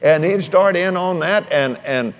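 High-voiced fervent folksy preacher man. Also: measured pace, muffled recording. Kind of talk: sermon.

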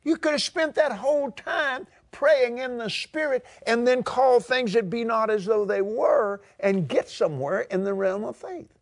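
A Texan man preaching a sermon in an emphatic, drawn-out way, joking and laughing at himself. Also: very high-pitched.

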